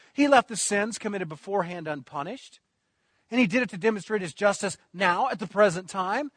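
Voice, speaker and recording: Male preacher, high voice, dry close sound, passionate delivery with building repetition. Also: no room sound. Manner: impassioned, rising and falling emphasis with repeated phrases. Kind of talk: sermon.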